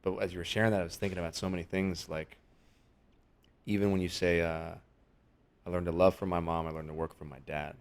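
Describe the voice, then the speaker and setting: A man and father, a podcast guest, speaking reflectively and gently emphatic in casual chat. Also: low-pitched, little pitch movement, a little fast.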